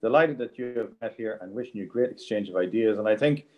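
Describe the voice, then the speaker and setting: A man's voice: lowish voice, fast talker, narrow, tinny audio. A man moderating a video-call Q&A with a friendly, hesitant manner full of fillers. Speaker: moderator reading out questions.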